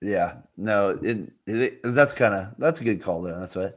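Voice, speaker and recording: Rambling man chatting baseball. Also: on the low side. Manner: rambling, halting, many fillers and laughs. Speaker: co-host. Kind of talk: casual sports chat.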